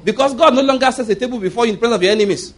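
A Nigerian man preaching a sermon as a pastor, lively, with frequent laughter and mocking asides. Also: very high-pitched, rapid-fire.

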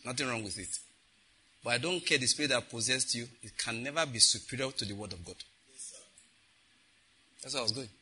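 Husky man preaching. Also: medium pitch, a little fast, long pauses, low-quality recording. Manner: animated preaching with asides and laughter. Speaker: pastor. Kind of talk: sermon.

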